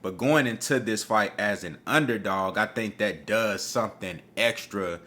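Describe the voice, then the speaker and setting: A man's voice: fairly low pitch, moderate pace. A man giving his casual opinions on an upcoming boxing fight, talking with street slang and cursing freely. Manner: profane, animated, street slang. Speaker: boxing commentator.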